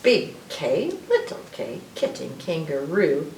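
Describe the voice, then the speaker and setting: A woman reading an alphabet picture book aloud to children, with drawn-out letter sounds. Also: deep voice, big pitch swings, creaky, reverberant, recorded from a distance, a little hiss or hum, low-quality recording. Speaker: librarian storyteller.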